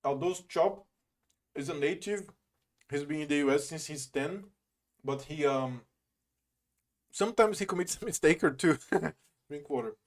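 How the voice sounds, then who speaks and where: A man's voice: a little high, a little slow, pauses often. Chatty Portuguese-native male streamer. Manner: chatty, self-deprecating, loose and profane. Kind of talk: casual live-stream chat.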